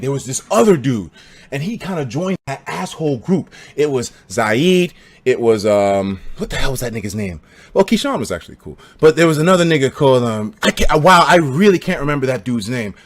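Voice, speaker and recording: A young man from the United States telling a story on a live stream in a casual, profane, animated way, laughing as he goes. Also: moderate pace. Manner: animated, profane, laughs between lines, breaks into loud high shouts.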